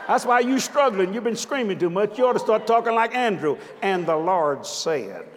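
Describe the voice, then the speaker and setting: An older man preaching a sermon, emphatic and joking, now and then breaking into shouts. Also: very high voice, brisk, noisy background. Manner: emphatic, jokey preaching with sudden shouted lines. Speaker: visiting preacher. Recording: long hall reverb.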